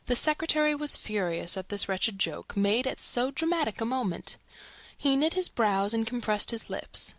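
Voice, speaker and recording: A woman reading a classic novel aloud as an audiobook narrator, raising her pitch for the characters' quoted lines. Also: lively intonation, normal speed, a bit bright, no room sound. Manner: reads all characters, lifting pitch for quoted speech. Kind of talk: scripted narration.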